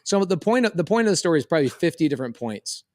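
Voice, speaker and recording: A man, telling a lively story on a podcast and acting out the voices. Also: on the high side, rapid-fire, no echo, clean studio sound. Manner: animated, quotes voices in a story. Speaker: podcast co-host. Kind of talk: casual storytelling chat.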